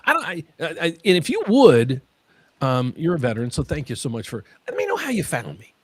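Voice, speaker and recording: A man hosts a mortgage question-and-answer stream, his voice slightly husky and pitched a bit high. His delivery swings widely up and down, and he gets worked up, repeating words as he pushes his points. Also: a little fast, no echo. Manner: animated, excitable, repeats words. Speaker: mortgage lender host.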